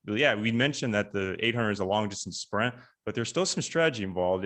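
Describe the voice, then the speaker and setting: A young man hosting a casual podcast interview over a video call, relaxed and halting, with many fillers. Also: fairly low pitch. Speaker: podcast host.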